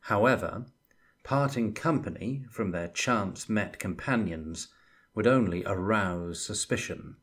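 Male audiobook narrator; low, husky, very slow, measured. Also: fairly bright tone. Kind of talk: reading a fantasy novel aloud, voicing its characters.

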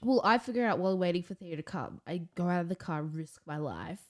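A woman's voice: on the low side, expressive, brisk, a little mellow. A young woman co-hosting a podcast, retelling an event with dramatic flair and frequent laughter in casual chat. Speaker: podcast co-host.

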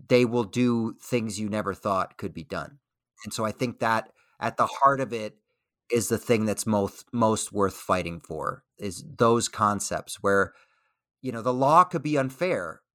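A man speaking as a guest in an interview, thoughtful and measured, pausing to restart his sentences as he works through ideas. The sound is dry and close. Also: medium pitch, no echo. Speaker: guest comedian and military veteran. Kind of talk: casual interview.

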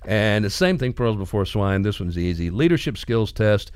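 A man's voice: fairly low pitch, very animated, normal speed, darkish tone, clean tone, dry recording, clean studio sound. A middle-aged man hosting a radio talk show, telling stories and acting out the voices of comic strips. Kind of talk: casual on-air talk.

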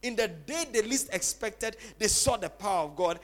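A man preaching a sermon as pastor, swinging between loud exclamations and soft quick asides. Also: high-pitched, expressive.

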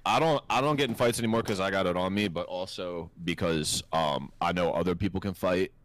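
A man's voice: low-pitched, fairly quick, no room sound. A man co-hosting a podcast, telling stories in a laid-back, profane, casual way. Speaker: podcast co-host. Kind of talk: casual storytelling chat.

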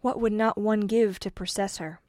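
A woman's voice: medium pitch, fairly even intonation, moderate pace, mellow, close to an everyday voice. A greedy, impatient young farmer from an old fairy tale, as a woman reading the story puts him on. He sounds eager and demanding, pressing hard for riches. The room is dry, with no echo.

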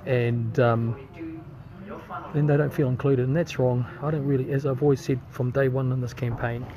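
A man's voice: mid-range voice, steady tone, moderate pace. Indignant New Zealand man in a crowd. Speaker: campaign leader posting a video update. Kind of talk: casual video update. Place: airport terminal, waiting on a delayed flight. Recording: crowd chatter behind.

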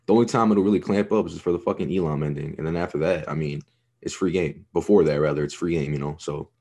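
A young man with an extremely deep, dark and mellow voice, co-hosting a sports podcast. He talks in a loose, rambling way and swears freely. His tone stays laid-back and casual. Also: fast, breathy edge. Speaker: podcast co-host.

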